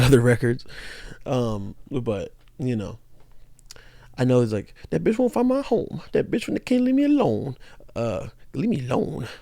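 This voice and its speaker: A man's voice: lowish voice, darkish tone, dry recording, clean studio sound. A tired young man casually breaking down songs, rambling loosely with lots of fillers and restarts. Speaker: music commentator.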